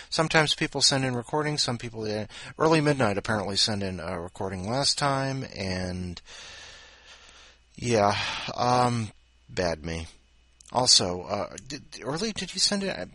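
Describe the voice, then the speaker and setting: Rambling, bright-voiced male podcast host. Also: mid-range voice, animated, moderate pace, dry recording. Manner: scattered, self-mocking, jokey asides. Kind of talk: casual rambling monologue.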